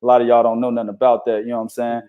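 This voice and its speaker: A man co-hosts a laid-back boxing podcast, spinning stories full of slang and swearing in an animated way. His voice sits in the mid range and moves very fast, and the audio is narrow and tinny.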